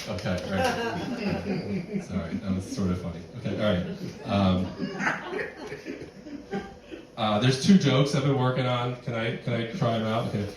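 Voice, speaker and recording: Middle-aged male stand-up comic, rambling and self-deprecating, mid-pitched voice, distant mic in a very echoey venue with a laughing crowd. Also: darkish tone, slight background noise. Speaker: stand-up comedian. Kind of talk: stand-up comedy set. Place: barn music venue with live audience.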